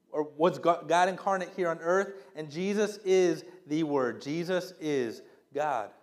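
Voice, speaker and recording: A man preaching a sermon as a pastor, reading verses and explaining them in a conversational, emphatic way with rhetorical questions. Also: on the high side.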